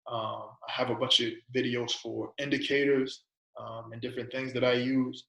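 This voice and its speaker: Man presenting a casual trading lesson, flat delivery, keeps asking "right?", slightly echoey room. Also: medium pitch, moderate pace, creaky. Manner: conversational, repeats "right?" and "you know"; asks a string of coaching questions.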